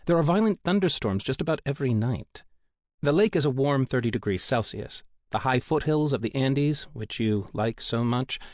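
A man's voice: medium pitch, darkish tone, no room sound, studio quality, lightly acted. A man voicing a gloomy, serious male drilling supervisor who explains dangers in a sober tone.

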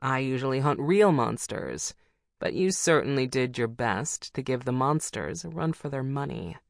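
A woman voicing a calm icy-eyed older huntress. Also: a bass voice, normal speed, gravelly, dry recording, heavily acted. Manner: calm, courteous, dry. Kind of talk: audiobook character voice.

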